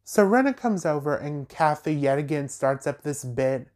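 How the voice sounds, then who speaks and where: A man hosts a reality TV recap podcast and talks through the drama in a casual rant. He is animated and emphatic, and he throws in sassy asides and pointed questions. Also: on the high side, normal speed. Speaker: podcast host.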